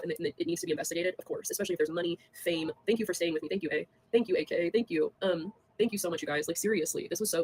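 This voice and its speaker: A young woman on a casual livestream, talking fast with lots of fillers, scornful and laughing between jabs at people. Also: lowish voice, darkish tone, a little hiss or hum.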